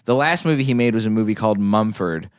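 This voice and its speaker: A man's voice: lowish voice, lively intonation, quick pace, clear, resonant tone. Crude, joking man hosting a podcast. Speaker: podcast host. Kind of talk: casual chat.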